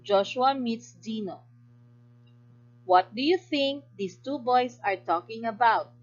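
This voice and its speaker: A woman teacher with a Filipino English accent, giving a recorded grammar lesson in a clear, instructive way and praising answers. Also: fairly high pitch, expressive, slow pace, muffled recording.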